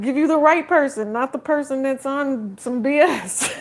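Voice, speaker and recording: A woman's voice: high-pitched, sing-song, measured pace, few pauses, a little hiss or hum. Chatty, laughing woman reading tarot. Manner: chatty, laughs often, jokes with viewers. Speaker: tarot card reader. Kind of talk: casual live tarot reading.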